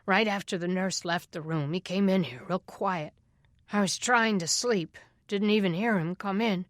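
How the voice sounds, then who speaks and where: A woman voicing a bedridden male hospital patient who yells for help in a panic. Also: mid-range voice, normal speed, dry recording, clean studio sound, natural voice. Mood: weary. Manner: panicked shouting.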